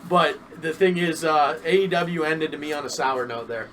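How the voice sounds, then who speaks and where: A man's voice: on the high side, normal speed, a bit bright, far from the mic, slight background noise, rough recording. A man co-hosting a podcast, chatting casually and animatedly, swearing and repeating himself. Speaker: podcast co-host. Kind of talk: casual wrestling chat.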